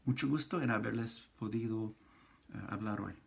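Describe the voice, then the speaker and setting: A priest giving a casual pronunciation lesson, speaking slowly and patiently, repeating and sounding out syllables. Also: male voice, fairly low pitch, vocal fry, slight background noise. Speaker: priest teaching Spanish pronunciation.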